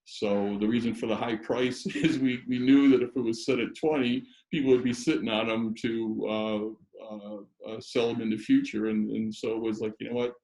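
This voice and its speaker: Gravelly man in an echoey room. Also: medium pitch, fairly even intonation, moderate pace, few pauses, darkish tone. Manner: rambling, many restarts and fillers. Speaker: guest. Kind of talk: casual storytelling chat.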